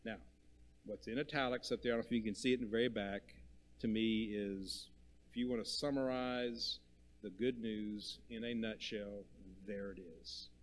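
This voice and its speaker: Addressing a congregation, a preacher repeats and emphasizes key words, alternating between loud stresses and quiet, low passages. His tone is steady and his pace moderate.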